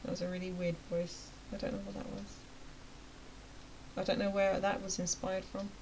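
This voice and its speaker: A woman's voice: mid-range voice, little pitch movement, normal speed, a little mellow, slight background noise, rough recording. A woman running a motivational rant to camera, chatty and emphatic, sometimes dropping to a near-whisper. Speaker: vlogger and web design coach.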